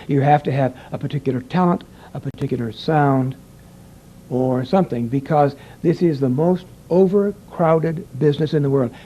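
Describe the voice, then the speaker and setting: A man's voice: mid-range voice, muffled recording. An older man who directs voiceover sessions, giving a rambling, conversational lecture to an audience and acting out exchanges from the studio.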